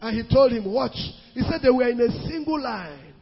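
A male preacher delivering an emphatic sermon. He stretches scripture quotes out slowly and rises into shouts. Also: extremely high pitch, expressive, husky, faint music behind. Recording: lo-fi recording in a reverberant hall.

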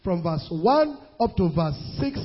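A male preacher delivering an emphatic sermon. He stretches scripture quotes out slowly and rises into shouts. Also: sits high, very animated, husky, soft background music. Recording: lo-fi recording in a reverberant hall.

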